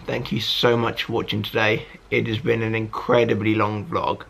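A man's voice: fairly low pitch, level tone, normal speed, vocal fry, a bit bright. A young man in his twenties with a lisp from dental braces, chatting casually to camera in a rambling, friendly way. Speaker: vlogger. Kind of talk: casual vlog chat to camera.

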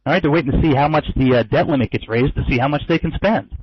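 A man's voice: on the high side, quick pace, slightly rough, no room sound, lo-fi sound. A man who trades forex giving a loose, casual market commentary webinar, with many fillers and wry asides. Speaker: forex trader and trading educator.

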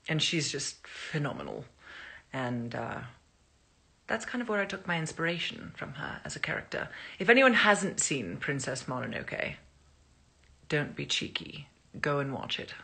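A woman's voice: extremely low pitch, pushed and bright, slightly rough. A woman chatting casually to fans on a phone live stream, rambling through anecdotes and laughing as she talks.

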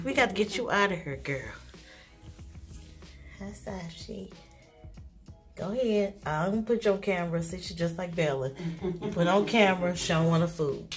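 A woman's voice: lowish voice, moderate pace, long pauses, over music. A young woman chatting emotionally with viewers, vlogging on a handheld phone inside an animal hospital. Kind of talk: casual vlog chat.

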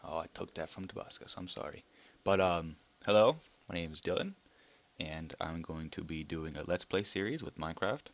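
A young man giving casual gameplay commentary, excitable, swearing now and then and muttering asides under his breath. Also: deep voice, a little fast, gravelly. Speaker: let's play gamer.

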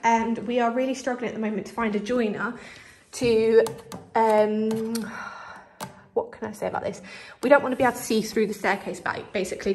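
A young woman, chatty and slightly out of breath, giving a casual house tour as a vlogger, filmed on a handheld camera indoors. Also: a little high. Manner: chatty, lots of fillers.

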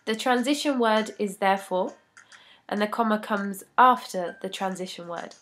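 A woman giving a scripted English grammar lesson, reading each rule and example in a measured, deliberate way. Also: mid-range voice, a bit bright, soft background music. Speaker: English teacher.

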